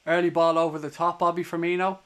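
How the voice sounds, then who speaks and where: Calling a football match move by move for his stream chat, this young fan watchalong streamer from Ireland is fast, one-sided and hotly profane toward the opposing players. His voice is a little high for a man, a bit bright and clean, with little pitch movement.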